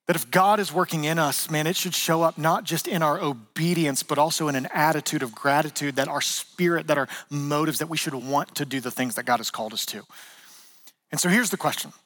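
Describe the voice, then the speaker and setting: A man in his thirties preaching a sermon as pastor, conversational and animated, acting out quotes and joking with the congregation. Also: fairly high pitch, fairly quick.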